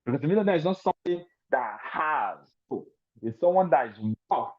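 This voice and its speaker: A man's voice: fairly high pitch, expressive, moderate pace. A man giving a motivational seminar talk to a large audience, speaking in an emphatic, repetitive, preacher-like cadence. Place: large event venue. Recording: tinny, phone-like sound.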